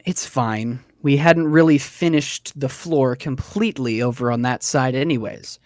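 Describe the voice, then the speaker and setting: A man doing a worn-out woman builder who keeps her words soft, quiet and practical. The sound is dry and close, in an everyday tone of middling pitch. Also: a little slow, no echo, natural voice. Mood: resigned. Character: weary kind woman builder, the house's wife.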